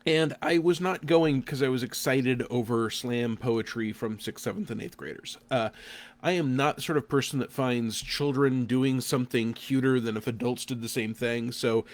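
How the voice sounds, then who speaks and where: A man in his fifties giving a casual spoken review to camera, dry and deliberate, with self-deprecating asides and frequent fillers. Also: mid-range voice. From Oklahoma. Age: 50s. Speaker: game designer reviewing a local event.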